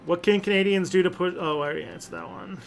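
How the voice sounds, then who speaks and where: A man's voice: high voice, fairly even intonation, fast, creaky, soft background music. A man hosting a casual livestream and answering chat questions, rambling with lots of fillers and restarts.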